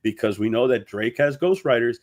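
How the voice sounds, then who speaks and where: A man's voice: mid-range voice, lively intonation, a little fast. A man giving a firm, argumentative opinion commentary. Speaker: commentator in played clip.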